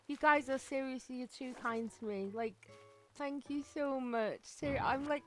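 Her high-pitched voice has a darkish tone and a slightly slow pace as she chats during a game livestream. She's bubbly, gushing thanks with frequent gasps and giggles, over faint game music.

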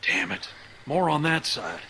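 A grizzled, hard-bitten uncle barks orders to the survivors in a game. His speech is stern and blunt, and his tone stays bright and hard-edged. Under him lies a faint hiss. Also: a little high, sing-song, a little slow, exaggerated voice, poor audio. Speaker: video game character. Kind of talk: game dialogue.

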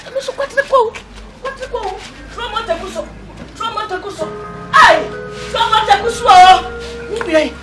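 A woman's voice: very high-pitched, expressive, normal speed. A wailing, grief-struck woman. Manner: wailing, sobbing lament. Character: desperate woman lamenting poverty and a sick sibling. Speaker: grieving sister in a film. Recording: film soundtrack with music behind.

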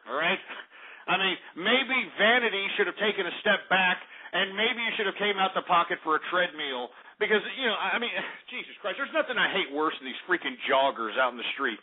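A man hosting a talk radio show, ranting in a profane, exasperated way with constant fillers and repeated exclamations. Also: sits high. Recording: tinny phone-like radio audio.

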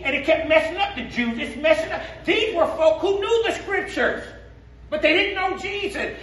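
A man preaching as pastor in a church sanctuary, in call-and-response style with a Black speech pattern, sometimes rising to shouts. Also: very high-pitched, animated, normal speed. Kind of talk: sermon. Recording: echoey sanctuary from a distance.

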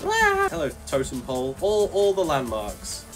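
A young man commentating while he plays a racing game, excitable and quick to yell and laugh at his wins and crashes. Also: on the high side. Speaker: gaming video creator. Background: faint game music.

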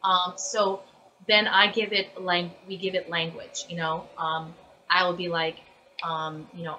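A woman voice actress chatting casually as an interview guest, animated and full of fillers and restarts. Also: on the low side, a little slow, dull audio.

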